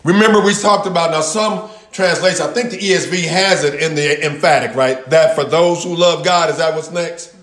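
A man teaching a Bible passage in sermon style, repeating key words with long pauses and talking back and forth with his listeners. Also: fairly high pitch, fairly bright tone, reverberant. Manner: talks with the audience, answers their replies. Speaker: pastor teaching a Bible study.

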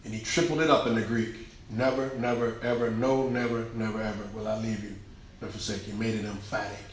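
A man's voice: fairly low pitch, little pitch movement, brisk. A male pastor preaching a sermon, emphatic and colloquial, with lots of repetition. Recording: very echoey hall, faint noise.

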